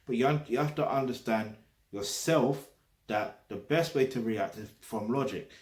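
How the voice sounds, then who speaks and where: A man's voice: mid-range voice, normal speed. A man with a London accent talking straight to camera in a blunt, emphatic way, with frequent tag questions and swearing. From London, England. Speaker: vlogger. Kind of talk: casual direct-to-camera talk. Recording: roomy echo.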